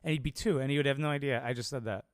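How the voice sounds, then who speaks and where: A man's voice: medium pitch, rapid-fire, no echo, studio quality. A young adult man, a comedian, rambling casually and cursing freely in a solo monologue. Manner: rambling, profane, laid-back.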